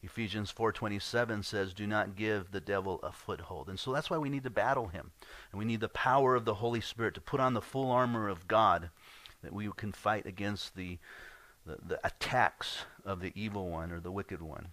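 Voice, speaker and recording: A man's voice: on the low side, a little fast, fairly bright tone, dry recording. A man preaching a sermon as pastor, earnest and conversational, often repeating words as he goes.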